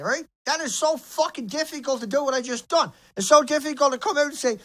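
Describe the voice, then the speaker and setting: A man's voice: very high-pitched, lively intonation, a little fast, hardly any pauses, a bit bright, no echo, low-quality recording. A man ranting to camera in an angry vlog, heated and profane, repeating himself. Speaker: video blogger.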